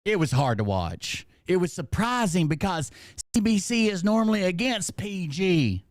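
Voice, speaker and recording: A middle-aged man streaming an unscripted commentary rant, swearing freely and arguing straight at his chat. His voice sits a little high for a man and comes across dry and close, with no room sound. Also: sing-song, normal speed, no room sound. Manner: profane, emphatic, talks to chat directly.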